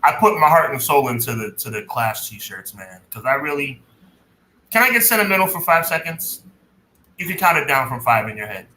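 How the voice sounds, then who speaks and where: A man co-hosting a podcast in casual chat, talking emphatically and dragging words out slowly for effect. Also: medium pitch, animated, bright, forceful tone. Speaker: podcast co-host. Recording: echoey room with faint noise.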